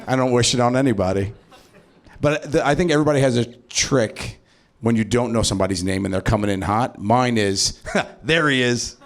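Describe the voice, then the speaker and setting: A man doing improvised stand-up, animated and swearing, often laughing and acting out voices. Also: mid-range voice, a little fast. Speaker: stand-up comedian. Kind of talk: improvised stand-up crowd work. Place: comedy club stage.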